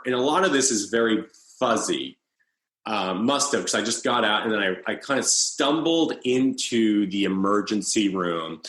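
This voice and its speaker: A man in his thirties speaks as an interview guest, telling his own story in a halting, restarting way. His voice sits fairly low. The recording carries a noticeable roomy echo. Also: a bit bright. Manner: halting, with many restarts and fillers. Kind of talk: personal storytelling in conversation.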